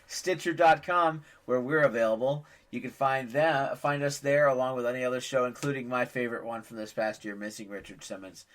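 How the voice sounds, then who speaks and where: A man's voice: medium pitch, a bit bright. A man in his forties hosting a casual family podcast, a rambling joke-telling dad who pokes fun at himself. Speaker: podcast host and father.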